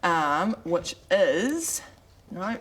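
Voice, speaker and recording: A woman's voice: lowish voice, big pitch swings, very slow, a little hiss or hum. A woman playing a tabletop game in casual chat, hesitant and laughing often. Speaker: player.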